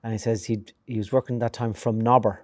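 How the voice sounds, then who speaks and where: A man's voice: medium pitch, steady tone, fairly quick, dry recording, studio quality. A middle-aged Irish man hosting an interview, chatty and telling anecdotes with laughter. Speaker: host. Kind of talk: conversational interview.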